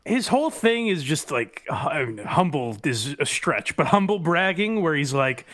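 A man co-hosting a comedy podcast, mocking clips with deadpan sarcasm and chuckles. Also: fairly high pitch, moderate pace, no echo, studio quality. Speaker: podcast co-host. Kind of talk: casual commentary podcast.

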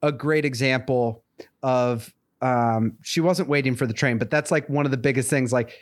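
Guy rambling on a podcast, lots of likes and ums, mid-pitched. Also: normal speed. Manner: rambling, full of fillers and restarts. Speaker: podcast co-host. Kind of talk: casual chat.

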